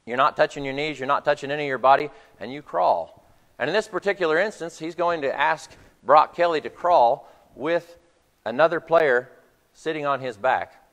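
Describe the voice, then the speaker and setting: A man's voice: on the high side, normal speed, fairly bright tone, long reverb tail. A man preaching a sermon to his congregation, retelling a film scene as a story. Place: church hall.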